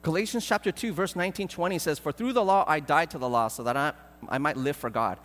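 A man preaching a sermon as pastor, earnest and pleading, often repeating words and filling pauses. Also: a little high, a bit bright, long reverb tail.

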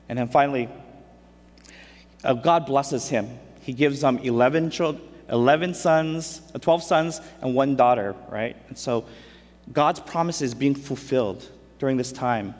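Male preacher, mid-pitched, chatty retelling of scripture, echoing hall sound. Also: moderate pace. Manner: conversational, retells scripture in everyday speech. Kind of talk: casual sermon storytelling. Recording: long hall reverb.

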